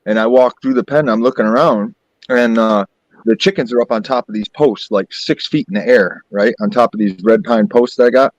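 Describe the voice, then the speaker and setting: Guy rambling thru a story on a call, muffled dry audio, gets animated w/ sound effects. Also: mid-range voice, a little fast, dry recording. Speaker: chat participant telling a story. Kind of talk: casual storytelling in a group call. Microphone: online voice call.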